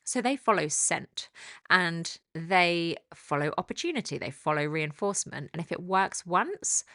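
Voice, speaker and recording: Calm, explanatory woman dog trainer, dry sound. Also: fairly low pitch, a little slow, dry recording. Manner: calm, explanatory, lively when acting out the dog. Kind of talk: instructional talk.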